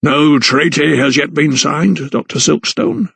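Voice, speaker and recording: A man doing a gravelly, smug old lawyer. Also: fairly high pitch, fairly bright tone, no room sound, pitched above the performer's own voice, exaggerated voice. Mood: pompous. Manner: sneering, gloating, pausing for effect. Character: smug, pompous large older male lawyer. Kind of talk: audiobook character voice.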